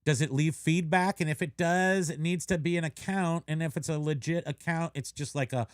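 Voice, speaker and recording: A man's voice: a little high, steady tone, normal speed, no echo, clean studio sound. A middle-aged man from California chatting casually on a live show, telling rambling, self-mocking stories. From Menlo Park, California. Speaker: co-host of a reselling live show. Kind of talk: casual live-stream chat.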